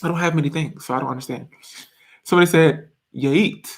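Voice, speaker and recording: A man's voice: a little high, fast. A man hosting a casual live stream, answering viewers' questions in a jokey, rambling way and laughing often. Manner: chatty and rambling. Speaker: video host.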